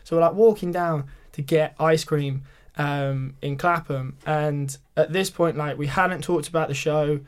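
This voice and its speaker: A man's voice: a little high, fairly even intonation, unhurried, few pauses, clean tone. A young British man telling a story in casual chat as a podcast guest, full of filler words and restarts. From Britain.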